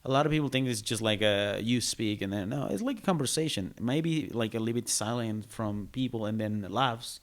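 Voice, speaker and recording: A man's voice: on the low side, expressive, a little fast, hardly any pauses. A man, a comedian guest on a podcast, talking casually and searching for his words with many restarts. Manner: laughs easily between points.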